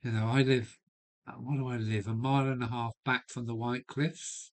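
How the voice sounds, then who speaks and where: A man's voice: medium pitch, flat delivery, normal speed. An Englishman chatting on a live stream from his home loft, blunt and opinionated, rambling and swearing now and then. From England. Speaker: model railway live streamer. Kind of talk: casual rambling chat to a live audience. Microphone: live stream setup.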